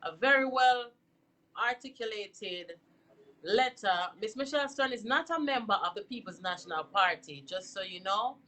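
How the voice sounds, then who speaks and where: Bright-voiced woman host. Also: medium pitch, lively intonation, moderate pace. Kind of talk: online talk show.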